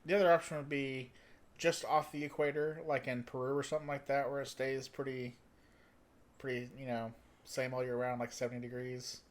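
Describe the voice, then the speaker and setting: Male co-host, mid-pitched, easygoing, short agreeing replies. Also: little pitch movement, brisk. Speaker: podcast co-host. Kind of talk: casual chat.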